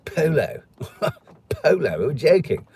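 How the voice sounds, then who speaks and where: Slow and sing-song, a little high yet darkish and husky, a middle-aged man with a Stoke-on-Trent accent chats casually on his live stream. He rambles and jokes through viewer comments, switching into voices for the people he quotes.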